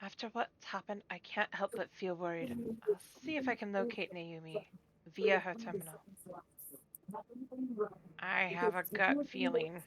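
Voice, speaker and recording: A woman's voice: medium pitch, unhurried, long pauses, fairly bright tone, lightly acted. A woman voicing an earnest, worried young ally. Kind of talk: voice-acting game dialogue on a livestream.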